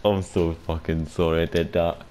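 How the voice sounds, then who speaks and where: A man giving casual, rambling commentary over his own gameplay, swearing often and breaking into loud shouts and laughter. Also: sits low, flat delivery, moderate pace, slight background noise. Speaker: gaming video creator.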